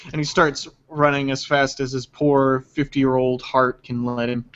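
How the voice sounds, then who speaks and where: A man's voice: mid-range voice, level tone, a little slow, hardly any pauses, a bit bright, smooth. A man playing a tabletop game, narrating his character in a playful, descriptive way. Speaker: player. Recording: dull lo-fi sound.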